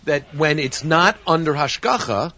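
A husky-voiced man who explains wines in a relaxed way, stopping and restarting his phrases as he goes. His pitch sits in an ordinary middle range. The sound is somewhat dull and lo-fi. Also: a little slow. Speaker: wine expert guest. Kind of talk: casual explanatory chat.

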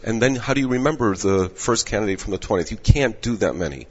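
A man who directs rabbinic placement, giving measured advice in an interview while losing his voice. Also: lowish voice, lively intonation, breathy edge. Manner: measured, advising. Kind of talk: explanatory interview answers. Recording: echoey dull room audio.

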